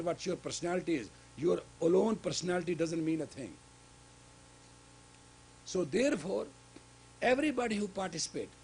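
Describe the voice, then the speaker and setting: A man giving a sermon-style lecture as a spiritual teacher in a gurdwara, speaking emphatically with sudden loud rises on key words. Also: high voice, a little hiss or hum, low-quality recording.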